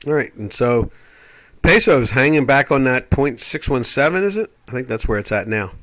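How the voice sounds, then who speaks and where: Animated and moderately paced, this older trading show host rambles opinionatedly over market charts during a live chat, slipping into quoted voices. He has a mid-range, slightly bright voice.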